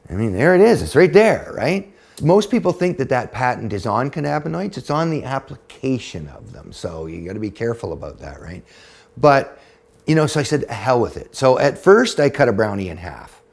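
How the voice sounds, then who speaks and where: A man in his fifties, a podcast guest, telling a personal story in a blunt, profane, animated way. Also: mid-range voice, normal speed, gravelly. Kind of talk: storytelling in casual conversation.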